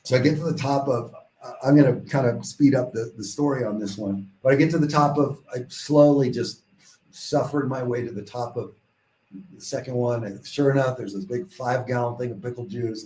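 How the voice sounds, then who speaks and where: Guy rambling through a story on a podcast, lots of restarts, kinda mellow, roomy echo. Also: mid-range voice. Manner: animated, rambling storytelling with many restarts and quoted dialogue. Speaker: podcast guest, psychotherapist. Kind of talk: casual storytelling in a podcast interview. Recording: echoey room.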